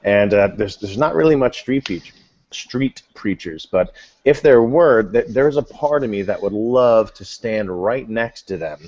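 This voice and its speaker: A loud, enthusiastic man chatting energetically in a casual online group discussion. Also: fairly low pitch, expressive, a little slow. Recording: lo-fi online call audio.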